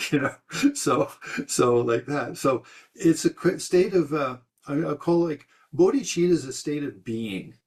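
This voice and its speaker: A man's voice: a little high, unhurried, darkish tone. A man teaching meditation, answering a student's question in a loose, rambling way with many restarts and the odd chuckle. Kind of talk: dharma talk answering questions.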